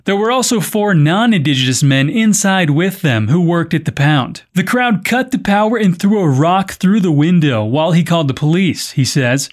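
A man hosts a news podcast for language learners, reading stories clearly and breaking in with playful, wry asides. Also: a little high. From North America. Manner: playful, wry comments between read stories. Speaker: podcast host.

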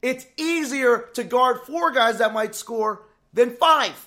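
A man co-hosting a casual sports podcast, excitable, stumbling over restarts and swearing freely. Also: very high-pitched, slow pace. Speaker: podcast co-host.

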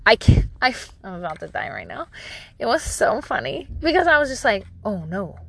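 Woman, 30s, bright tone, casual candid vlog storyteller who swears easily. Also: a little high, wildly swooping pitch, brisk, gravelly. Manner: candid, chatty, self-deprecating, swears casually. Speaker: parent vlogger.

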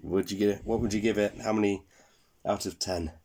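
A man reading a bedtime story aloud, expressive and playful. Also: lowish voice, a little fast.

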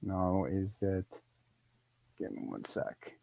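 A man's voice: low voice, completely flat delivery, takes it slowly, gravelly, mellow, no room sound. A man hosting a live weekend show, telling stories in a boastful, profane, offhand way. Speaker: host. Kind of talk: casual live-show chat.

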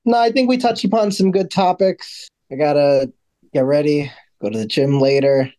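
A man co-hosting a podcast in casual chat, talking in a relaxed, rambling way with lots of "like". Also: fairly high pitch, moderate pace. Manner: relaxed, rambling with many "like" fillers. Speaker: podcast co-host.

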